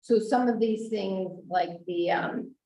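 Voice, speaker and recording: A woman explaining grant details at a public board meeting, halting and repeating words as she goes. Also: medium pitch, gravelly, mellow. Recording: roomy echo, distant mic.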